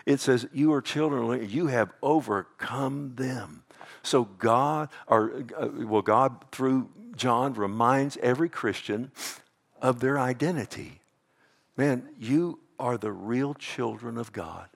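A man preaching a sermon in an animated, swinging delivery. He punches key words loudly, then drops to an intense hush. He keeps checking in with the congregation as he goes. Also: mid-range voice, slow, creaky. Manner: animated preaching, swinging from loud emphatic bursts to hushed intensity; calls out "Amen?" to the congregation. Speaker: pastor.

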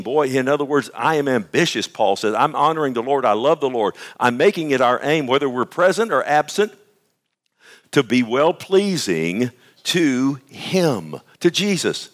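A male pastor giving a radio sermon, fervent and emphatic, often turning to his listeners with "amen?" and "listen". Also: medium pitch.

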